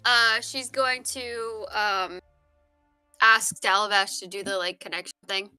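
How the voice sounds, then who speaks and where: A woman's voice: mid-range voice, fairly even intonation, a little slow, bright, forceful tone, clean tone, dry recording, faint music behind. A woman playing a tabletop game, talking casually with some hesitation. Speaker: player.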